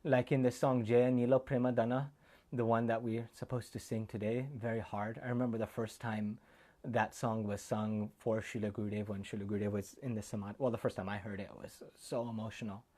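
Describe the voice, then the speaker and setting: A man's voice: on the low side, level tone, fairly quick, mellow. A man, a monk, giving an informal sermon full of personal stories, talking in a heartfelt way that wanders off on tangents. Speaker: monk giving a remembrance talk. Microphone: camera recording.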